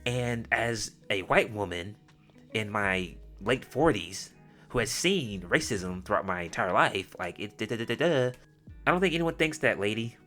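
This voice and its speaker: Deep-voiced blunt male commentator. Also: animated, moderate pace, sharp tone. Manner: blunt, crude, mocking. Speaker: commentary host. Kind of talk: reaction commentary. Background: faint background music.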